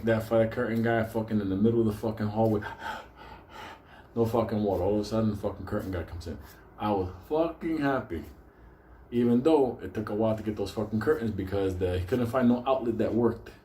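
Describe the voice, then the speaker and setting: A man hosting his own show, telling a comic story with constant swearing and animated bursts. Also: on the low side, a little hiss or hum. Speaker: show host. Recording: echoey room with faint ambience.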